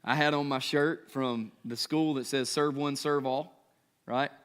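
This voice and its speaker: A pastor in his thirties delivering a sermon in a relaxed, talk-it-through way, peppering his points with rhetorical questions and quick check-ins with the crowd. His voice sits at an ordinary middle pitch for a man. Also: clean tone. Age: 30s. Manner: conversational preaching with rhetorical questions and frequent "right?".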